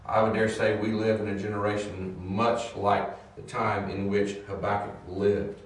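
A man teaching a Bible class, hesitant with many fillers, growing animated as he goes. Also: on the low side, moderate pace. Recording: echoey room from far off.

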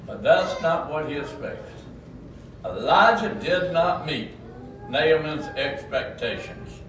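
A man preaching a sermon, who climbs to loud emphatic peaks and drops low for asides. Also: slight background noise. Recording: roomy, distant mic with faint ambience.

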